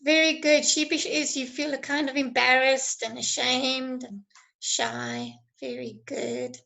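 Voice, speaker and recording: A woman teacher giving an online lesson, encouraging and praising students, her voice going a little hoarse from talking a lot. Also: sits high, level tone, unhurried, pushed and bright, poor audio. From South Africa. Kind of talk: online lesson with live chat.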